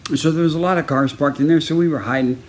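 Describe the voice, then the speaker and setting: A man from Texas telling a story in a casual personal video message, in a lively way, acting out each person he quotes. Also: on the high side, fast. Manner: lively, acts out each person in the story with raised, punchy delivery.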